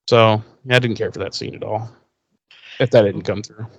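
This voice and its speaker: A man co-hosting a podcast, recapping a TV episode in casual chat, animated and profane. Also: lowish voice, normal speed, no room sound. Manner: profane, animated retelling with acted quotes. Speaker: podcast co-host.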